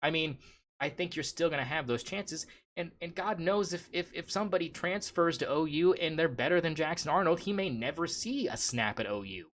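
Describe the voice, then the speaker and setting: Bright-voiced man rambling about sports. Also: fairly high pitch, animated, fairly quick. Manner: rambling, repeats "I mean". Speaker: podcast host. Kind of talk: casual sports chat.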